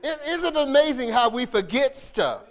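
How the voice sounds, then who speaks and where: A man's voice: very high voice, very animated, normal speed. A man preaching a sermon, talking with his congregation in a conversational way, laughing and calling for responses. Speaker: bishop, preacher.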